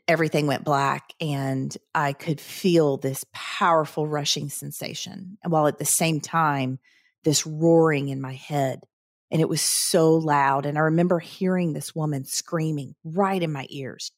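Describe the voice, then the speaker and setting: As a podcast interview guest, a credit union CEO in her fifties earnestly and vividly shares personal stories, voicing the thoughts she had at the time. She speaks in a low voice, captured in a dry, close recording with no room around it.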